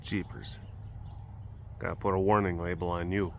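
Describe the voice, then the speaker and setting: A man's voice: low voice, little pitch movement, moderate pace, vocal fry, slight background noise. A man hosting a casual walk-and-talk vlog at an outdoor animal compound, rambling and laid-back, cooing at the big cats. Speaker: vlog host at a big cat rescue.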